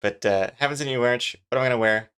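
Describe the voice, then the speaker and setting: While streaming himself working on his comic, this webcomic artist talks fast in a medium-pitched, fairly bright, clean voice. The casual chat rambles along, full of jokes and filler words.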